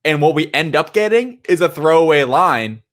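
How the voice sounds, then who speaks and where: A man's voice: on the high side, expressive, normal speed. A man co-hosting a movie podcast, talking in an opinionated, emphatic way. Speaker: podcast co-host. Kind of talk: casual movie chat.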